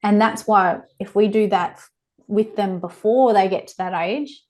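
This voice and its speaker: A woman, speaking candidly as a podcast guest. She tells stories with lively, open animation, her voice sitting in an ordinary middle register. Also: medium pitch, moderate pace. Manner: frank, animated storyteller. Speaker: guest, child abuse prevention educator.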